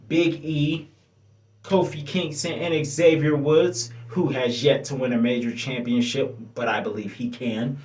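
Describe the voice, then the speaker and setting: Man, casual reviewer, enthusiastic, self-correcting, roomy echo. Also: a little high. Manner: chatty, enthusiastic, stops to correct himself. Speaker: wrestling show reviewer. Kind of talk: casual review talking to viewers. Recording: echoey room.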